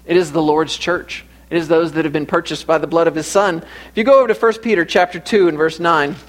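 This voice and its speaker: A man's voice: on the high side, steady tone, quick pace. A man preaching a sermon in an earnest way, often repeating phrases for emphasis.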